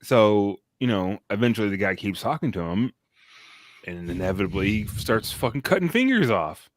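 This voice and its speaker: A man with a fairly low voice recaps a film on a casual stream. He rambles, swears often and leans on fillers as he goes. The sound is close and dry. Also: big pitch swings, normal speed, no room sound. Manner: rambling, profane, chuckling recap. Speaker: podcast co-host. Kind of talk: casual chat, movie review.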